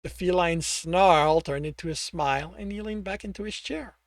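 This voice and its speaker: A man's voice: high voice, moderate pace, gravelly, hardly any pauses, no echo. A man narrating his own book, reading aloud and correcting himself as he goes. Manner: reads with restarts and self-corrections. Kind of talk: audiobook narration.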